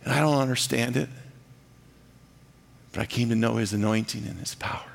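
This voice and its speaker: A man's voice: normal speed, creaky. A man preaching a sermon, swinging from big rising passages to near-whispers. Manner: dynamic preaching, swelling loud and high then dropping to a hush. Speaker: pastor. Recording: reverberant hall.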